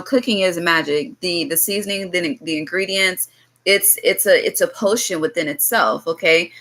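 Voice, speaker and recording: On a rough recording with slight background noise, a tarot reader speaks in a lowish, sharp-toned voice. She is blunt and swears freely while casually reading for her viewers, often wandering off into chatty asides.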